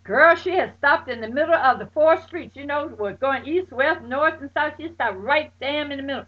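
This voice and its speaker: High-voiced woman telling a wild story. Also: normal speed. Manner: exclaims loudly, acts out friends' voices. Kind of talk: animated personal anecdote. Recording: dull lo-fi recording.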